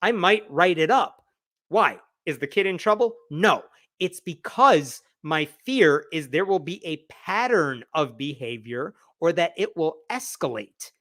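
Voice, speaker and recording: A man hosting a live news roundup, retelling a story with wry, animated commentary and quick acted-out quotes. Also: fairly high pitch, dry recording, clean studio sound. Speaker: news show host.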